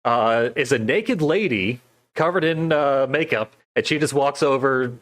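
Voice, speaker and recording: A man in casual podcast chat, recounting a film plot step by step in an easygoing, amused way. His voice sits at an ordinary middle pitch, and he keeps the telling loose and unhurried. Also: a bit bright. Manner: laid-back play-by-play recapping with frequent laughs. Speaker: podcast co-host recapping a film.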